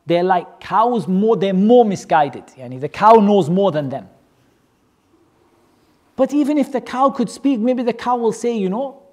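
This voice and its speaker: In a mid-pitched voice, a religious teacher tells a class a story with lively, joking energy, firing off one rhetorical question after another.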